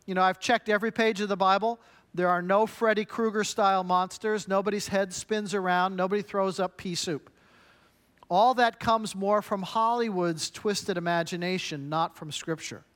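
Male pastor, higher voice, punchy emphatic sermon delivery. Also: a bit bright, smooth. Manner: emphatic, punchy preaching with short repeated phrases.

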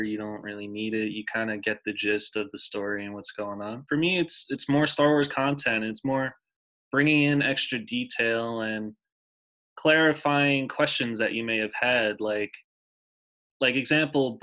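A man in his twenties co-hosts a casual podcast chat, sounding enthusiastic and emotional as he rambles and restarts his sentences. His medium-pitched voice is bright and forceful, though the audio quality is poor.

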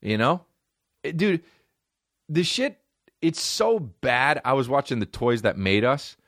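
A man's voice: mid-range voice, big pitch swings, unhurried, fairly bright tone, no echo, clean studio sound. A young man hosting a podcast, telling rambling, profane comic stories with lots of fillers and frequent laughs. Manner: laughs often while talking. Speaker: podcast host. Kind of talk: casual comedic monologue.

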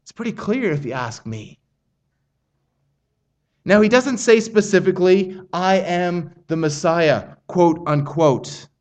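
A middle-aged man delivers an earnest sermon in a high voice. He reads scripture aloud and slows down to press on key phrases, emphatic throughout. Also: animated, a little mellow. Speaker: preacher.

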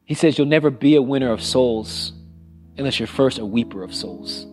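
A middle-aged man preaching a sermon as pastor, earnest and conversational, repeating phrases and dropping to a hush on solemn lines. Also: medium pitch, moderate pace, soft background music. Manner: drops to a hushed voice on solemn lines.

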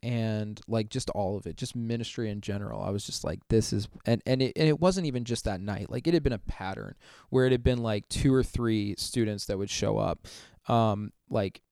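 A young man, a youth minister, telling a story in a casual interview, animated and full of "like" fillers, acting out quotes. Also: lowish voice, moderate pace, vocal fry, clear, resonant tone, dry recording, clean studio sound. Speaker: youth minister and podcast guest.

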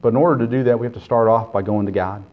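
A man in the pulpit delivers an earnest sermon, pushing hard on key phrases and then dropping to quiet, personal asides. His voice sits at an ordinary middle pitch. The recording is dull and lo-fi, with the top end rolled off. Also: steady tone, very fast. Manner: earnest preaching that swings between loud emphasis and quiet, intimate asides. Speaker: pastor.

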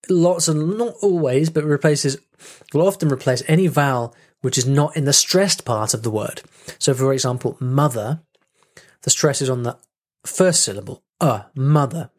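A man speaking as a language coach in a casual teaching talk, lively, saying sounds aloud to demonstrate them and often restarting his phrases. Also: medium pitch. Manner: restarts and repeats words often.

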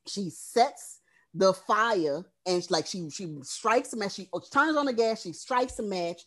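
Animated woman recapping a horror film. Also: mid-range voice. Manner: animated, profane storytelling. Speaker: podcast co-host.

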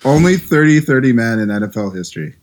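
A man's voice: mid-range voice, animated, fast. Easygoing male sports podcast co-host, casual. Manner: easygoing, laughs often.

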